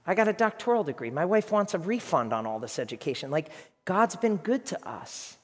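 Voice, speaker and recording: A man in his fifties, a pastor preaching a sermon with animated, emphatic storytelling. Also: high-pitched, brisk, big-room sound. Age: 50s.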